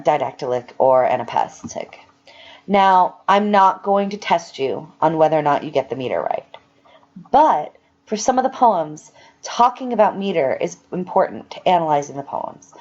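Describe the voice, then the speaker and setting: A woman's voice: on the low side, warm tone, dull audio. A woman teaching a recorded lecture, explaining things step by step with some fillers and self-corrections.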